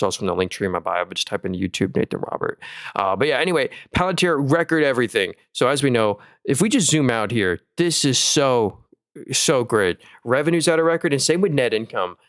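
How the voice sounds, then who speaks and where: A man's voice: mid-range voice, no echo, studio quality. A young man hosting a live stock market stream, talking casually and upbeat through earnings numbers, with fillers and restarts. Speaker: stock market livestream host.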